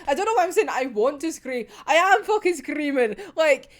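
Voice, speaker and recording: A young woman with a high voice gives an excited, casual reaction to a manga chapter. She swears freely and breaks into laughter often. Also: normal speed.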